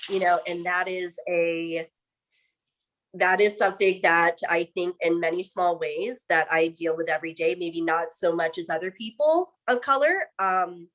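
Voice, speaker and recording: A woman speaking as a guest in a casual discussion, earnest and reflective. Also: lowish voice.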